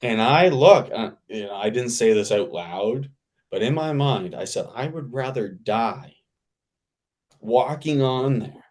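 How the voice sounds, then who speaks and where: Male actor guest, mid-pitched, spins an anecdote with lively repetition and laughter. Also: measured pace. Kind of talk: casual anecdote storytelling.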